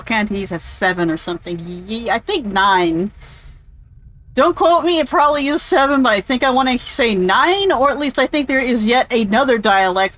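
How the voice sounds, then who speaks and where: A woman's voice: medium pitch, fairly bright tone, a little hiss or hum, poor audio. A woman giving casual, rambling gameplay commentary, chatty and opinionated, drifting off into tangents and swearing offhandedly. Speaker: game streamer.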